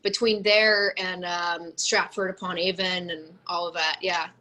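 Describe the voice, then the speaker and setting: Bright-voiced young woman chatting casually. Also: lowish voice, level tone, a little slow, low-quality recording. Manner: rambling, heavy use of "like" and "um". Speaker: interview guest. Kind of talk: casual chat.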